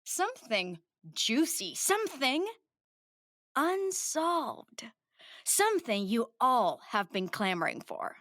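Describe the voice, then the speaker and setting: A woman's voice: high-pitched, big pitch swings, slow pace, fairly bright tone, no echo, studio quality, heavily acted. A woman playing a bubbly young true-crime podcast host with a perky, sing-song delivery in a comedic audio drama. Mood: chatty.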